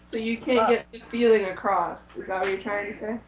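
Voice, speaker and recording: A woman's voice: mid-range voice, fairly even intonation, a little fast, lo-fi sound, crowd noise. A woman in a casual group chat who laughs easily and asks confused questions.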